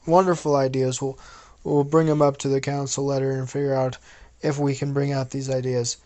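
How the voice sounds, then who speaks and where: A man's voice: medium pitch, flat delivery, fairly quick, darkish tone, lightly acted. A man voicing a stern middle-aged Viking chief who gives orders to his son in a formal, commanding way.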